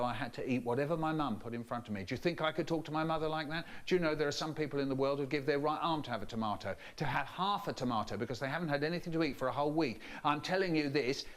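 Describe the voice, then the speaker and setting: A man's voice: on the high side, lightly acted. A man playing a stern nagging mother. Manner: nagging, rapid lecturing. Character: stern scolding mother lecturing her child.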